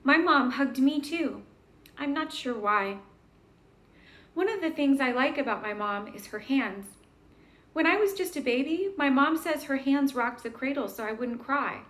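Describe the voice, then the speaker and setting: A woman reading a children's book aloud gently, pausing to ask the listener questions. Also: sits high, expressive.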